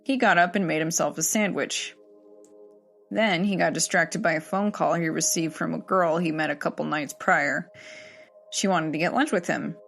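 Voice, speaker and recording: Gravelly woman narrating a horror story. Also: deep voice, soft background music. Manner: steady, measured storytelling. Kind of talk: scripted horror story reading.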